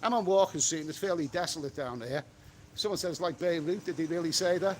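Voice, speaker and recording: Middle-aged man, fairly high voice, blunt and chatty livestream host, outdoor street with faint traffic. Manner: blunt, chatty, quick to snap at trolls. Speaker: travel vlogger reading live chat. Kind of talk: casual livestream chat.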